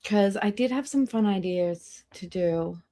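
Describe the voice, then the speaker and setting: A woman's voice: mid-range voice, measured pace, dark tone. A young Australian woman hosting a reaction livestream, blunt in her opinions and greeting chat members as she goes. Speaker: livestream host.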